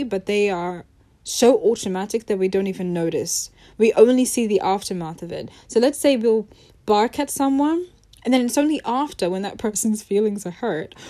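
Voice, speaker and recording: Mellow-voiced woman hosting a self-help talk. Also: medium pitch, moderate pace. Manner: earnest, conversational, laughs easily, drifts into acted quotes. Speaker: podcast host.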